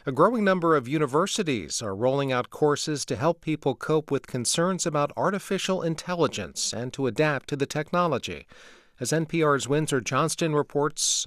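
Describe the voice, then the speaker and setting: A man reading the news as a radio newscaster, in a measured, even delivery from a studio. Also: fairly high pitch, no room sound. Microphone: studio microphone.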